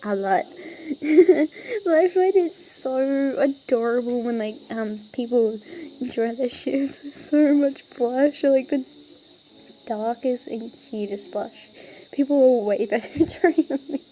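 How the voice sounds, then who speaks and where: A woman's voice: sits high, slow, warm tone, a little hiss or hum, poor audio. A woman casually reading online stories aloud, giggling often and breaking off into chatty asides. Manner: giggly, breaks off to laugh and ramble.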